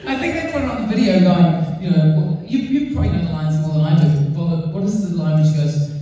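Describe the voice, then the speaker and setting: A woman's voice: on the low side, animated, fast, warm tone. A woman with a New Zealand accent answering fan questions on a convention panel, chatty and self-deprecating, laughing often. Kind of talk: casual panel Q&A. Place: large convention hall. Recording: echoey hall recorded from far off.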